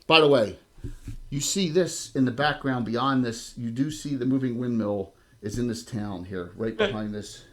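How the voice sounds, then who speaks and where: A man with a South Jersey accent, narrating a tabletop game as game master in a loose, chatty way with many fillers. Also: medium pitch.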